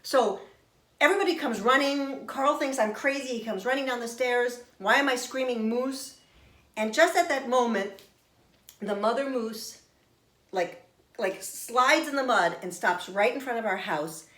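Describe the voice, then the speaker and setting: A middle-aged woman telling a personal story in an expressive, animated way. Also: a little high, unhurried. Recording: roomy echo.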